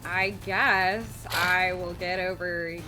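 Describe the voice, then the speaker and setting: A woman playing a tabletop game, slow and self-mocking as she decides her move. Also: fairly low pitch, flat delivery, pushed and bright, soft background music. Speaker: player.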